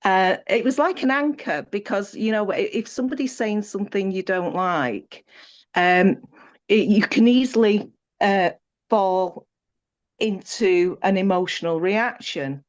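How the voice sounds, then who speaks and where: A woman telling a story as a guest over a video call, hesitant with many pauses and restarts. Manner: breaks into bright high voice when quoting. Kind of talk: casual storytelling chat. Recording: muffled video call audio.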